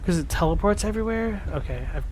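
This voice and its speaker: A man's voice: high-pitched, expressive, quick pace, darkish tone, a little hiss or hum. A man streaming a game, chatting casually about its lore and thinking aloud as he plays. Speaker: gaming streamer. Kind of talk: casual gameplay commentary with lore talk.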